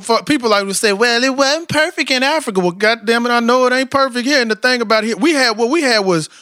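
A man's voice: high-pitched, sharp tone, no room sound, clean studio sound. A man with a Southern American twang, talking in a casual, passionate, rambling way and often asking "you know what I'm saying". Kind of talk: casual conversation.

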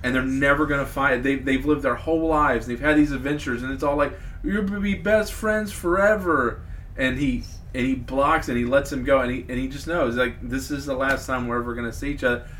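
A man's voice: medium pitch, a little fast, fairly bright tone, a little hiss or hum. A man in his late thirties hosting a podcast in casual chat, rambling and joking about getting choked up. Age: 30s. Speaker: podcast host.

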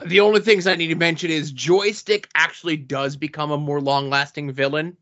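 Man, bright tense voice, casual comic chat, lo-fi sound. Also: fairly high pitch, steady tone, brisk. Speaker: comic book podcast co-host.

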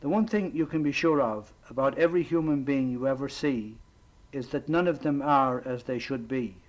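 A middle-aged man, a priest, giving a reflective storytelling sermon with measured pauses. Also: mid-range voice, lo-fi sound.

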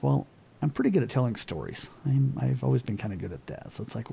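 A man co-hosting a podcast, telling a personal story candidly and dropping quieter at the serious parts. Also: mid-range voice, lively intonation, a little fast, creaky, husky. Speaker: podcast co-host. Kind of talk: casual podcast chat.

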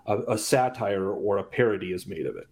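A man's voice: on the low side, a little fast, darkish tone. A man co-hosting a book podcast, praising the prose with emphatic, repeated phrases. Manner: enthusiastic, emphatic opinions with repetitions. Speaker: podcast co-host. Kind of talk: casual book discussion.

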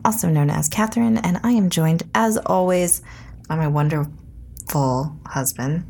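A woman in her thirties or forties co-hosting a casual podcast with her husband, chatty and quick to laugh. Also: low-pitched, creaky, warm tone. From Colorado, USA. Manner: giggly, laughs often, chatty while multitasking. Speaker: podcast co-host. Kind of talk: casual chat.

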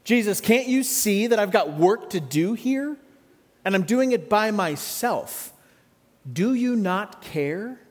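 A man's voice: high voice, animated, slow pace, long reverb tail, voice pushed up, heavily acted. A man voicing a complaining, exasperated woman who does all the work alone. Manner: complaining, accusatory.

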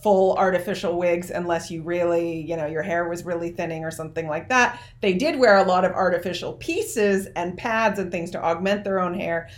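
A woman's voice: fairly low pitch, normal speed, hardly any pauses. A woman co-hosting a podcast, casually and frankly adding explanations and caveats. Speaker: podcast co-host. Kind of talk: casual chat.

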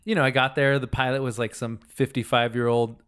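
A man's voice: mid-range voice, little pitch movement, fairly quick, a bit bright, clean tone. A man telling a long story on a podcast, rambling with many fillers. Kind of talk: casual chat.

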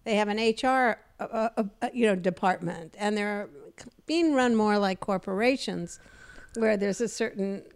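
A woman hosting a podcast interview in casual chat, animated and jokey, acting out quoted bits. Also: mid-range voice, normal speed, creaky. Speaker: podcast host.

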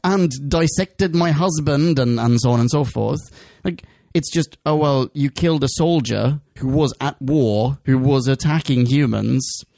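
A man's voice: medium pitch, a little slow, gravelly, few pauses, mellow, no echo, studio quality. A man in a casual podcast chat, talking sardonically about a TV episode.

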